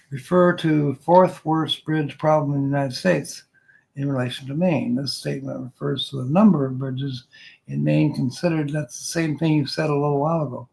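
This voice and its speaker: A man's voice: fairly high pitch, steady tone, moderate pace, gravelly, darkish tone, slight background noise, poor audio. An older man hosting a casual live stream, reading viewer comments aloud and joking with a frequent chuckle.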